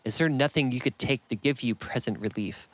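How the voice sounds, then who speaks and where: A reserved, earnest gentleman from a classic novel, as a male reader voices him. He speaks at a middling pitch with a solicitous tone. The recording is dry and close-miked. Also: brisk, dry recording, natural voice, low-quality recording. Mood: concerned. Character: reserved proud gentleman, concerned. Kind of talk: audiobook character reading.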